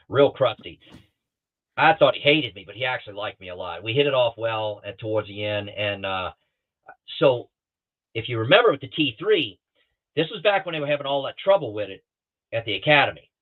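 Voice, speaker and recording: A man's voice: medium pitch, animated, normal speed. A middle-aged man, a guest pilot, tells stories casually and acts out other people's lines, heard over a video call. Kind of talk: casual storytelling. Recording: tinny phone-like call audio.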